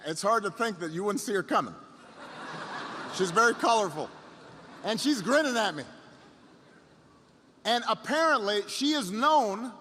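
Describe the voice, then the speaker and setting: A middle-aged man giving a storytelling speech as a political speaker. He starts over and repeats himself, then builds up to shouted rallying lines. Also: high-pitched, big-room sound.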